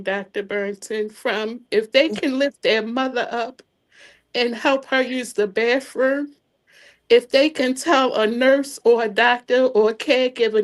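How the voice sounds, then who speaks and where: A middle-aged woman guest telling her family story in a heartfelt, animated way. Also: fairly high pitch, unhurried. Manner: animated, heartfelt, acts out dialogue. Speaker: interview guest. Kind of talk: emotional personal storytelling.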